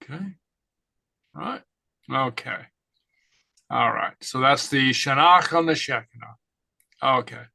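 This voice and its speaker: Slow, halting male language teacher. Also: mid-range voice, creaky, bright, forceful tone, dry recording. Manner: halting, many fillers and okays. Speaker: Gaelic teacher. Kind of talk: online class lesson.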